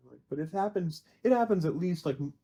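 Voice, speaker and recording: A woman talks casually as a guest, telling wry stories from her job. Her voice is mellow and dark, and her delivery stays easygoing. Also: lowish voice, lively intonation, quick pace. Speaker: liquor store worker, guest. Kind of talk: casual chat.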